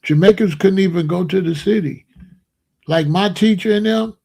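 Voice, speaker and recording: A man with a gravelly, creaky voice sitting a touch high for a man. He hosts a livestream and lectures his chat insistently, hammering the same points again and again. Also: normal speed, warm tone. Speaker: streamer host. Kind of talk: livestream commentary answering chat.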